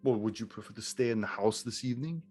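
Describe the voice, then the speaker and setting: A haughty old baroness with a husky smoker's rasp, as a game master puts her on. She presses for answers in a raised, pushy voice, with music faint behind. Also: on the low side, fast talker, darkish tone, lightly acted. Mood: imperious.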